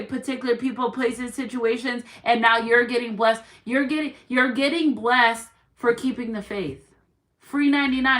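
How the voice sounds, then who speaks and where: A woman's voice: fairly high pitch, a bit bright. A woman doing a tarot reading for her viewers, encouraging them with repeated affirmations and quoting scripture. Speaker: tarot reader. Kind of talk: spiritual reading monologue.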